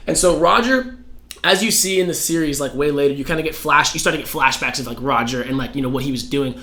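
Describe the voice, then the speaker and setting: A man chatting on a podcast, telling a story with excitement, filling his talk with "like" and swearing. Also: a little high, fast talker. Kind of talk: casual podcast chat.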